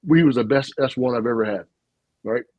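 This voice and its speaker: A man, a retired army officer, telling stories in an animated, folksy way on a casual podcast. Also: medium pitch, fairly quick, no room sound, poor audio. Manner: animated, folksy storyteller with frequent asides and laughs.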